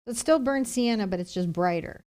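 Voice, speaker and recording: A woman's voice: medium pitch, expressive, moderate pace, mellow. Chatty woman teaching a painting lesson. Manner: chatty, step-by-step explaining. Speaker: acrylic painting instructor. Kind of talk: live painting tutorial.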